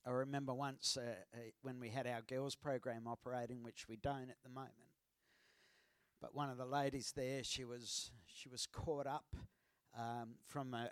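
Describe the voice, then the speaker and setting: A man's voice: mid-range voice, clean tone, no echo, clean studio sound. A man leading a ministry program, speaking in a preaching style, hesitant with "uh" fillers.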